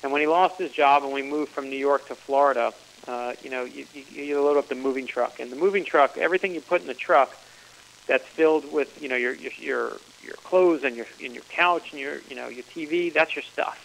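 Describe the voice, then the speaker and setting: A man's voice: mid-range voice, brisk, vocal fry, fairly bright tone, slight background noise, rough recording. A middle-aged man, an author guest on a radio interview, telling stories earnestly with frequent restarts. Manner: earnest storytelling, many restarts.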